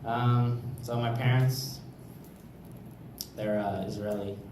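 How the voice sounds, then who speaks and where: A man's voice: mid-range voice, fairly even intonation, takes it slowly. Rambling young male stand-up comic. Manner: rambling, filler-heavy delivery. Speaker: stand-up comedian. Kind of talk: stand-up comedy set. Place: comedy club stage. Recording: echoey club room, mic from far off, noisy.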